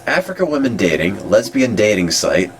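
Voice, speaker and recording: A congested man making dry, deadpan remarks while browsing and reading out old web pages. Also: lowish voice, normal speed, a little hiss or hum.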